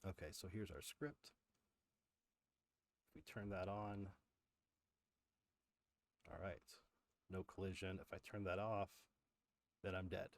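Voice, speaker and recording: Low-voiced man explaining game cheats. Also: steady tone, unhurried, long pauses, no room sound. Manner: explanatory, frequent fillers and restarts. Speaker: livestream host. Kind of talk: live coding walkthrough.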